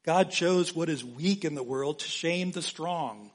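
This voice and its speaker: A man preaching a sermon as pastor, slow and emphatic, repeating key phrases for weight. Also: fairly high pitch.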